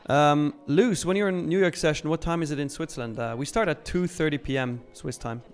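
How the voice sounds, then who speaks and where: A man's voice: fairly high pitch, fairly quick, soft background music. A young man hosting a live trading stream, chatting casually and upbeat as he reads viewer comments, laughing often and using slang.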